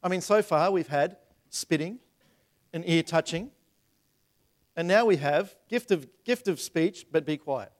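Pastor, male, fairly high voice, animated sermon delivery that repeats words and acts out voices. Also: a little slow, long pauses. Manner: acts out voices in retold scenes.

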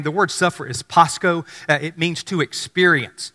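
A man preaching a sermon, animated and acting out biblical dialogue in excited voices. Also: a little high, moderate pace. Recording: long hall reverb.

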